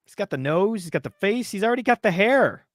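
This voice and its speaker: A man's voice: high voice, animated, brisk, no room sound, clean studio sound. A man co-hosting a casual podcast, ranting in a heated, exasperated way. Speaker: podcast co-host.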